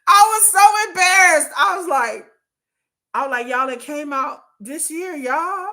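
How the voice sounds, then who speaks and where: A woman, chatting casually with viewers on her livestream, laughing often and jumping high in pitch when excited. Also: unhurried. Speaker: livestream host.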